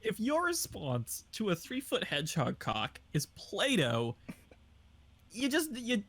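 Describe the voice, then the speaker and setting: A man bantering on a casual podcast, laughing often and talking excitedly. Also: high-pitched, takes it slowly.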